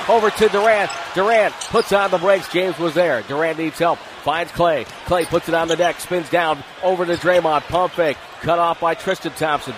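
High-voiced man calling basketball play-by-play. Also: steady tone. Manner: rapid clipped calls, rising to shouts on scores. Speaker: play-by-play announcer. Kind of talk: live basketball play-by-play commentary. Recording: broadcast with arena noise behind. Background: arena crowd and ball bounces.

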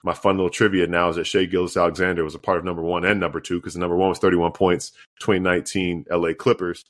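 Low-voiced male co-host, loose and rambling sports talk. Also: flat delivery, fast, fairly bright tone, no echo, clean studio sound. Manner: rambling, many fillers and restarts.

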